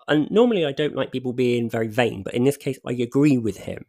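Male co-host, gravelly mid-pitched voice, dry close sound, lively recap delivery. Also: fast talker, dry recording. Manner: animated storytelling, acts out lines, laughs often. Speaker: podcast co-host reviewing a TV episode. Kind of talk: casual chat recapping scenes.

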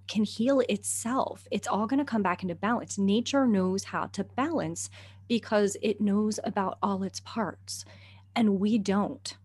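A woman's voice: medium pitch, no echo. Chatty middle-aged woman telling a story. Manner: chatty, animated, laughs often, many fillers. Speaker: guest herbalist and naturalist. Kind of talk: casual storytelling in conversation.

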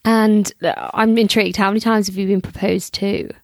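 A woman hosting a casual interview, cutting in with quick reactions and questions. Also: medium pitch, steady tone, gravelly, dry recording, clean studio sound. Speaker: podcast host.

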